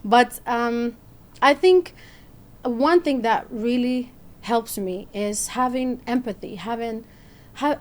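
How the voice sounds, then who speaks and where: A woman guest in a podcast interview, telling stories from her career in a lively, casual way and acting out the people she quotes. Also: fairly high pitch. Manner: animated, acts out quoted voices.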